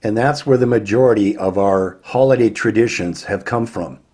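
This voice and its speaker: Husky man preaching a warning sermon. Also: lowish voice, moderate pace, a little mellow. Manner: emphatic, rhetorical questions to the listener.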